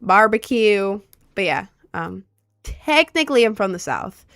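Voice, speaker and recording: A young Maryland streamer speaks in an unhurried, sing-song way, her medium-pitched voice a bit bright and recorded dry in a clean studio. She rambles chattily with many fillers while going through viewer questions on a casual livestream.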